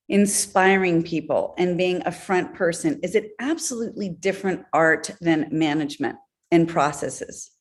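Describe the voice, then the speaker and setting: A woman guest on an interview show, telling business stories in an animated way with laughs along the way. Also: fairly low pitch. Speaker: guest, entrepreneur. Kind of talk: conversational storytelling.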